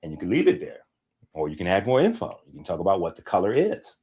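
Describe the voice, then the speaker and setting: Deep-voiced man lecturing emphatically. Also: huge pitch swings, fast talker, darkish tone, breathy edge. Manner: emphatic, lecturing, conversational asides. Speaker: holistic health streamer. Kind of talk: casual streamed monologue.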